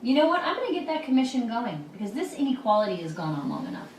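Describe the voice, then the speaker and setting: A woman's voice: on the high side, big pitch swings, rapid-fire, darkish tone, a little hiss or hum. An actress playing an earnest, upbeat woman councilor in a sitcom, speaking eagerly. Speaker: city councilor. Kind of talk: TV sitcom acting. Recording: sitcom clip, roomy and distant.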